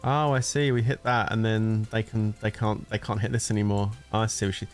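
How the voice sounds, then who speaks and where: A man's voice: lowish voice, little pitch movement, brisk, faint music behind. A man giving casual, jokey commentary while streaming a mobile game. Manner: chatty and jokey, often laughing.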